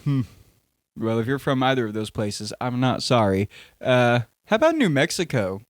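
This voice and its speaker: A man's voice: mid-range voice, sing-song, normal speed, dry recording, studio quality. A young man hosting a casual podcast, rambling and joking, often cutting himself off mid-sentence. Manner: rambling, jokey, self-interrupting. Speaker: podcast host.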